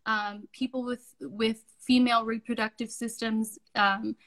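A woman co-hosts a podcast and speaks up with earnest emphasis. Her voice sits a little above the usual for a woman, and she moves briskly toward wrapping up the show. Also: a little high, little pitch movement, a bit bright, rough recording. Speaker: podcast co-host. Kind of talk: podcast discussion and sign-off.

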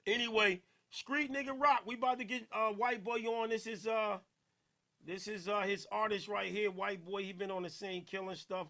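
A man hosting a podcast in casual, playful, slangy chat, giving loud shout-outs to listeners. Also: sits high, fairly even intonation, moderate pace. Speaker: podcast host.

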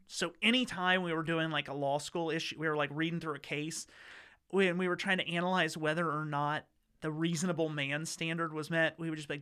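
A man with a fairly high, bright voice tells stories in a relaxed interview. His voice is smooth and crisp. He talks chattily, stops and restarts, and slips into short acted-out quotes. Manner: chatty, acts out quotes, many fillers and restarts. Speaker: interview guest recounting law school. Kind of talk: casual storytelling.

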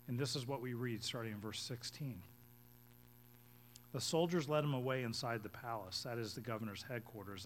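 A male pastor preaching a sermon, reading scripture aloud and explaining it, his voice swelling to loud emphatic peaks and then dropping low and quiet. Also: slight background noise.

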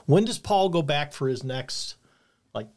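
A man's voice: on the high side, expressive, a little slow, a little mellow. Older man telling a heartfelt story. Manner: earnest, reflective storyteller. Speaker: podcast co-host. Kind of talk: personal storytelling.

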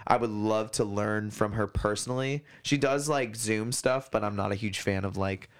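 A man's voice: lowish voice, normal speed. A man co-hosting a casual podcast, rambling through explanations with lots of fillers and the odd swear word. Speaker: podcast co-host. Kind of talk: casual chat.

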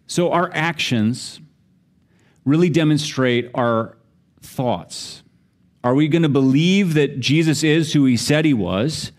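A man's voice: on the high side, slow pace. Middle-aged male pastor telling a story. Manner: conversational, self-deprecating, laughs while telling stories. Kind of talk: storytelling sermon.

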